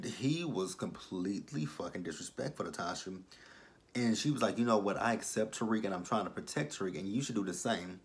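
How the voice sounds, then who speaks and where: A man giving a casual, animated recap of a TV episode, acting out the characters' lines and swearing freely. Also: deep voice, fairly quick. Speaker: TV episode reviewer.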